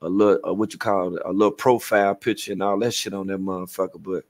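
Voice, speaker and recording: A man's voice: low-pitched, fast. A man hosting a livestream, ranting profanely and acting out quotes as he tells his stories. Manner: profane, animated storytelling with acted-out quotes. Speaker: livestream host. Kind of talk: casual livestream rant.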